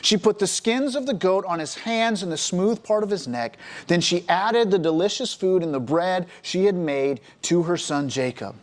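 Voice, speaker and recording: A man preaching a sermon to a college ministry, retelling a scripture story in an animated, storytelling way. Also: high voice, moderate pace, hardly any pauses. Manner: animated storytelling, acting out the characters.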